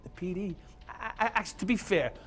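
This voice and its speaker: High-voiced and quick, a middle-aged man who used to be a police officer shares his own story bluntly and confessionally, cursing along the way. Music plays behind this candid storytelling.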